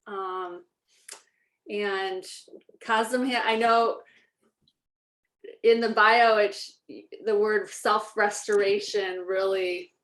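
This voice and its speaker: A woman's voice: medium pitch, fairly even intonation, very slow, pauses often, fairly bright tone. A woman hosts an online meeting, announcing upcoming events in loose, searching phrases. Her voice carries a roomy echo. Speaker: host.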